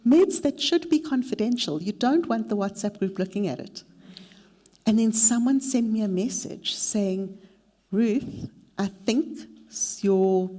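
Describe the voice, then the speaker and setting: Woman, middle-aged, workshop mentor, candid, self-deprecating, animated storyteller, mid-pitched voice. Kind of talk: workshop talk with personal anecdote.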